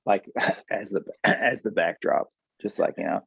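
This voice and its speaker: A man's voice: lowish voice, measured pace, creaky, a bit bright, husky, no room sound. Wry New Jersey man, dry sound. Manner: wry, joking, rambling. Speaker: actor, guest. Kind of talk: casual interview.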